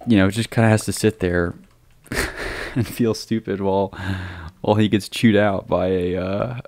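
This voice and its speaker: A man with a very low voice rambles through a casual monologue. He hesitates constantly, filling gaps with ums and restarting his sentences. The sound is dry and close. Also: steady tone, measured pace, a little mellow, no echo. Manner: hesitant, many ums and restarts, chuckling asides. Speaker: podcast host.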